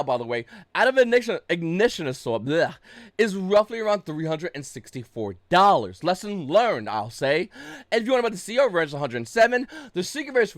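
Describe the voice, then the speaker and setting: A young man talks markets to camera at a rapid clip, his voice high and lively. He is blunt and swears freely, tipping into agitated rants. The sound is dry and close. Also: no room sound. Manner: blunt, profane, gets agitated and loud. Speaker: YouTube card game market commentator. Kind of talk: casual ranting commentary.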